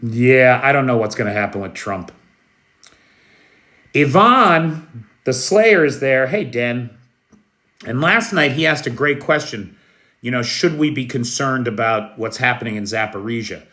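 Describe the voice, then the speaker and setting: A man from the United States hosting a live news stream, speaking in a slow, measured, friendly way and greeting chat viewers by name. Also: mid-range voice, lively intonation, sharp tone. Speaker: news livestream host. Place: Kyiv, Ukraine.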